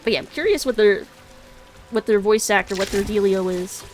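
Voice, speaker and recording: A woman's voice: medium pitch, moderate pace, soft background music. Giggly, rambling young woman streamer. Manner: rambling, giggly, self-correcting. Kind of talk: casual gaming commentary.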